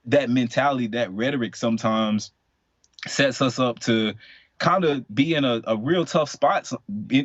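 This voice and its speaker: A man's voice: medium pitch, dry recording. A man in his late twenties chatting casually on a podcast, telling a personal story in a candid, rambling way. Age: late 20s. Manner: candid, rambling, lively storyteller with many fillers. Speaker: podcast co-host. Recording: dull, dry podcast audio.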